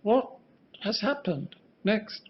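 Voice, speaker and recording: A man's voice: high voice, sing-song, slow. An older man giving a rambling, musing lecture on architecture, often restarting his sentences and asking for the next slide. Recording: muffled lo-fi sound.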